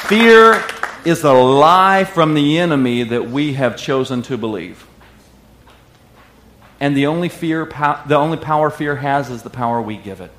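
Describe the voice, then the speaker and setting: A man preaching a sermon with lively call-and-response and bits of song. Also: medium pitch. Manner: animated preaching with call-and-response and sung lines. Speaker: pastor. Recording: echoey room.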